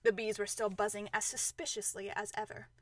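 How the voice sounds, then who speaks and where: A woman reading a children's storybook aloud in an unhurried way. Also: medium pitch, level tone, slight background noise.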